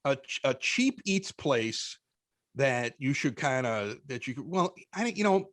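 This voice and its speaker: A man with a Chicago accent, a podcast guest telling stories in casual chat, animated and often stammering through restarts. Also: medium pitch, a little slow, no room sound. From Chicago, United States.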